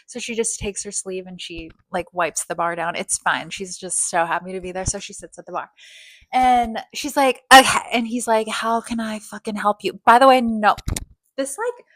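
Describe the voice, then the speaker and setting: A woman's voice: mid-range voice, moderate pace, dry recording. A woman casually telling a story, rambling with constant fillers and swearing. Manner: rambling, heavy filler "like", profane.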